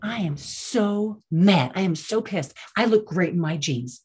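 A woman voicing an excited, dramatic eighteen-year-old girl who talks in a bubbly, breathless rush. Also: lowish voice, measured pace, husky, heavily acted. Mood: indignant gleeful.

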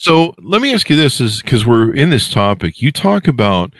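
A man's voice: medium pitch, big pitch swings, normal speed, a bit bright, no echo. A man hosting a podcast interview, chatting casually and teasing his guest with jokes. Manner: joking, teasing. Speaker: podcast host.

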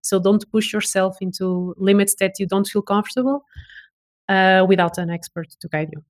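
A woman talking as a voice expert in a relaxed interview. She is eager and animated in her explanations, often restarting and repeating words as she goes. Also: medium pitch, moderate pace. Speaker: voice expert guest. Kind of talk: casual interview chat.

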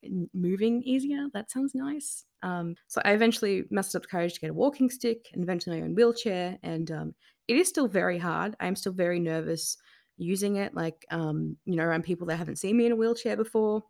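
A woman's voice: lowish voice, fast, gravelly, darkish tone. A woman guest in an interview, speaking candidly and emotionally with many fillers and restarts.

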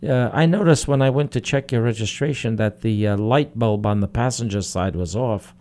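A man's voice: mid-range voice, normal speed, a little mellow, close to an everyday voice. A man voicing a polite police officer who addresses a driver formally.

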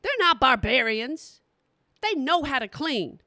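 A woman's voice: sits high, expressive, unhurried, sharp tone, dry recording, studio quality. A middle-aged woman, talking bluntly and playfully straight to her audience in a casual comedic monologue. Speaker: vlogger.

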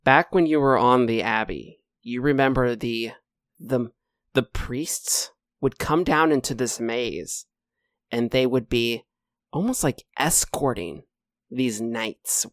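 A man running a tabletop game as dungeon master, lively and jokey with quick bursts of speech. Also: mid-range voice, no room sound, clean studio sound.

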